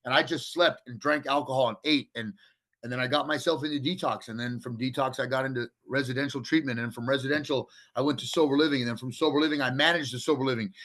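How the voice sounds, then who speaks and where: Bright, forceful man telling his story. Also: mid-range voice, steady tone, fast talker. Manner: blunt and profane, with frequent restarts. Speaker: podcast guest. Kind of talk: candid storytelling in a casual interview.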